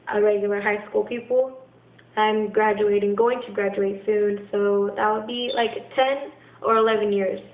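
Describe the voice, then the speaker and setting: A young woman venting to the camera, frustrated and halting, with many restarts and fillers. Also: medium pitch. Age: young adult. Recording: echoey room, dull lo-fi sound.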